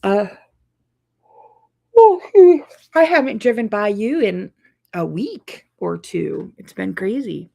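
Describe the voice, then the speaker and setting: A woman's voice: mid-range voice, very animated, slow, vocal fry, pauses often, dark tone. A woman who teaches quilting, chatting casually to viewers in a live update, tired and yawning from lack of sleep.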